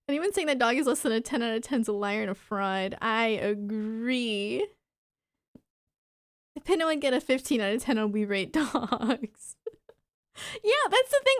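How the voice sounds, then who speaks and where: A woman's voice: sits high, no echo, clean studio sound. A woman streamer chatting with her live chat, playfully mock-offended and laughing often. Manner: soft baby talk to her dog.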